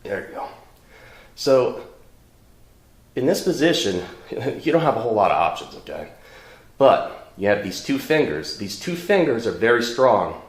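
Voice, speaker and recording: A man's voice: mid-range voice, big pitch swings, a little slow, long pauses, roomy sound. A man teaching self-defense against knives in a casual demonstration lesson, blunt and chatty, often checking in with "okay?".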